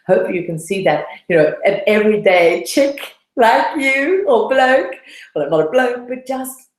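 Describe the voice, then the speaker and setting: A woman's voice: on the high side, very animated, normal speed, roomy sound, poor audio. A woman coach giving a webinar talk, telling her own story in an earnest, personal way. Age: adult, past her late twenties. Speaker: debt-freedom coach.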